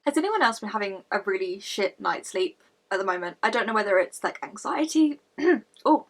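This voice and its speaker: A woman's voice: medium pitch, lively intonation, normal speed. Chatty Scottish woman vlogging. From Scotland. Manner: chatty, rambling, sweary, laughs at herself. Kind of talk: casual chat to camera. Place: at home during lockdown.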